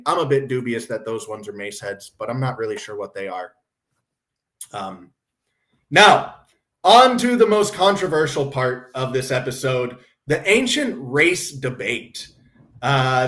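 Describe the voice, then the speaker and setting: A man's voice: mid-range voice, animated, measured pace, a bit bright. A man hosting a casual commentary stream, talking bluntly with a sardonic, profane edge. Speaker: host.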